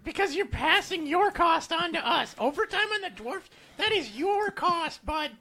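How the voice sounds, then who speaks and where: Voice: very high voice, animated, normal speed, pushed and bright. A player in a tabletop role-play who plays a cleric, bantering bluntly and teasing the shopkeeper.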